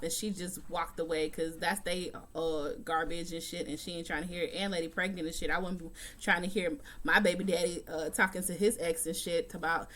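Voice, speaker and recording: A woman's voice: on the low side, fairly bright tone. A woman recapping a TV episode in a casual, chatty vlog from a room at home, talking bluntly and swearing often. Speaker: TV recap vlogger.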